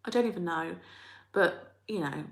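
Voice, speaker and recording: A woman's voice: lowish voice, lively intonation, normal speed, gravelly. A woman hosting a live chat, reading out viewer comments in a rambling, chatty way and laughing often. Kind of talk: casual chat. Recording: roomy echo.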